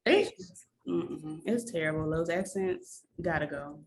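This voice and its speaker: A woman's voice: low voice, slow pace, a little hiss or hum. A young woman with a Southern US accent co-hosting a casual chat, with a dry, blunt, sarcastic manner. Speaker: podcast co-host.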